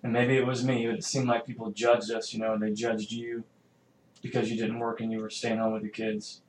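A man's voice: lowish voice, level tone, brisk, darkish tone, a little hiss or hum. A man who serves as a military chief, talking hesitantly with many fillers in a casual podcast conversation. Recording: roomy, faint ambience.

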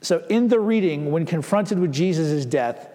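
A man's voice: fairly high pitch, animated, normal speed, mellow, big-room sound. A man preaching a sermon as a pastor, speaking conversationally and acting out the people in the story. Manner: conversational, acting out quoted voices.

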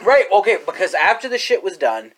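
A man's voice: sits high, big pitch swings, brisk, background noise. A man hosting a casual podcast, talking about wrestling in a rambling, profane way and laughing often. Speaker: podcast host.

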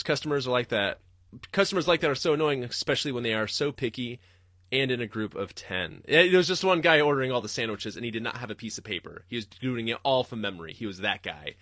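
A man hosting a podcast, ranting in a profane, rambling way and jumping suddenly into loud, high-pitched outbursts. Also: dry recording, studio quality. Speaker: podcast host. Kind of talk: livestreamed comedic rant.

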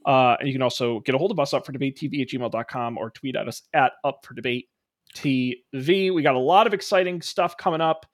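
A man's voice: medium pitch, quick pace. A man co-hosting a podcast in casual chat, upbeat, with hesitant fillers. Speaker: podcast co-host.

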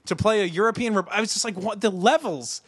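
A man co-hosting a podcast, in an animated, laughing chat about a movie, full of "like". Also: high voice, quick pace, breathy edge, dry recording. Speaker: podcast co-host.

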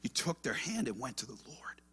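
A man's voice: medium pitch, sing-song, brisk, a bit bright, slightly rough. A man pastor preaching an earnest sermon with emphatic rhetorical questions.

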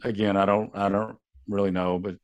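A man co-hosting a podcast, easygoing, arguing his point calmly and chuckling often. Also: on the low side, moderate pace, no room sound. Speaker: podcast co-host. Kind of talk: casual podcast banter.

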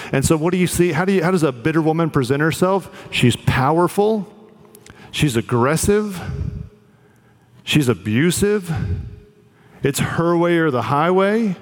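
A man's voice: on the high side, big-room sound. A man preaching a sermon as pastor, earnest and conversational, with fillers.

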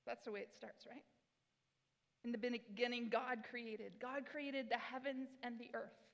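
A woman's voice: on the high side, steady tone, a little slow. A woman in her forties giving a sermon as pastor, chatty and self-deprecating, with bursts of enthusiasm. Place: church sanctuary. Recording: long hall reverb in a church.

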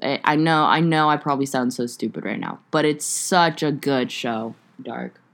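Low-voiced chatty young woman. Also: normal speed, creaky. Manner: rambling, chatty, frequent fillers and swearing. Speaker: podcast host. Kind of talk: casual solo podcast chat.

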